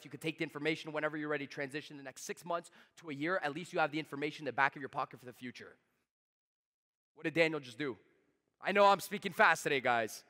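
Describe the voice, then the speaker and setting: A man giving a live sales seminar, talking fast, emphatic and blunt, swearing freely at his audience. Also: fairly high pitch, pushed and bright, in a large hall. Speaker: sales trainer.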